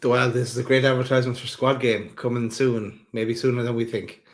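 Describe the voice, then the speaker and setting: A man's voice: mid-range voice, flat delivery, fairly quick. A man hosting a football fan discussion, steering topics with hesitant, stumbling restarts. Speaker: podcast host.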